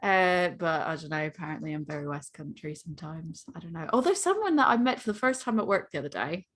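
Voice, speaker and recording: A woman's voice: sits low, animated, fast, a bit bright. An American woman co-hosting a podcast in casual chat, rambling with lots of "like". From United States. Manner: rambling, heavy use of "like". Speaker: podcast co-host.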